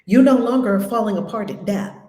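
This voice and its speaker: A woman leading an online spiritual study group, telling stories in an animated and emphatic way. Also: mid-range voice, a little fast, reverberant. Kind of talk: conversational spiritual teaching.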